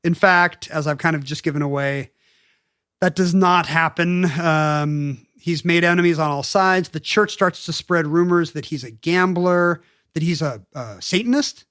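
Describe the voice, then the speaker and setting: A man's voice: fairly high pitch, unhurried, fairly bright tone, clear, resonant tone, no room sound. Dry-sounding man telling history with jokes. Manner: storytelling, jokey asides, puts on brief character voices. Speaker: podcast co-host telling a history story. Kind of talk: casual comedic history chat.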